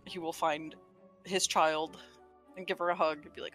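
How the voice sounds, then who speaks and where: A woman's voice: deep voice, steady tone, moderate pace, fairly bright tone, soft background music. A young woman playing a tabletop game, chatting in character and out with a teasing, giggly manner. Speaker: player. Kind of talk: tabletop role-play chat.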